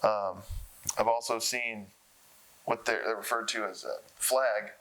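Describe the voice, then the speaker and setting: Young man, casual interview guest, laughs a lot, clear bright tone. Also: lowish voice, a little slow, low-quality recording. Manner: laughing, excitable storyteller. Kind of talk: casual storytelling.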